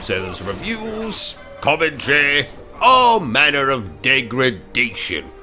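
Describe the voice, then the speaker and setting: A man's voice: mid-range voice, very animated, slow, over music. A British man hosting comedic gaming commentary, pompous and theatrical, full of exclamations. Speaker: gaming channel host. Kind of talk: comedic let's-play commentary with skits.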